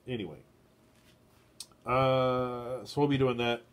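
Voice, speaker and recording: A man with a stuffy nose hosts a loose live stream from his garage shed. He wanders from one thought to the next, fills his pauses with "uh", and talks straight to his viewers. His pitch sits in an ordinary middle range. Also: fairly even intonation. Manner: meandering, heavy on "uh" fillers, chats with viewers. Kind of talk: rambling casual live-stream chat.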